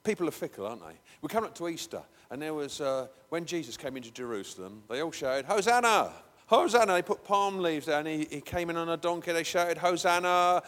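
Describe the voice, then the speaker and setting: A man's voice: a little high, animated, fast talker, hardly any pauses. A man preaching a conversational sermon in a church, breaking into emphatic, raised bursts. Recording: long hall reverb.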